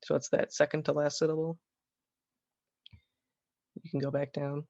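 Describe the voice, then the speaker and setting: A man walks through a slide lesson, stopping often to correct himself. His voice sits a little high and stays flat, with little rise and fall. The sound is dry and dull, as if from a simple home setup. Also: gravelly, no echo. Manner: halting, self-correcting explanation with fillers. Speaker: Latin teacher.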